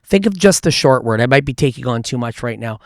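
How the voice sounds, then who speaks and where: A Canadian man speaks in a smooth, clear voice that sits in the middle of the range. He tells animated, profane stories and leads mind-reading tricks. The studio sound is dry and close. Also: mid-range voice, fast talker, no room sound. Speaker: mentalist guest. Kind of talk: casual storytelling and mentalism demo.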